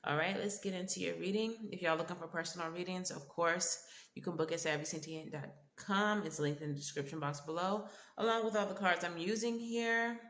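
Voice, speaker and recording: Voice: medium pitch, brisk, a bit bright. A tarot reader giving a casual spiritual reading to viewers with a stuffy, congested voice, often checking in with "okay?" and "all right?". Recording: echoey room with faint background noise.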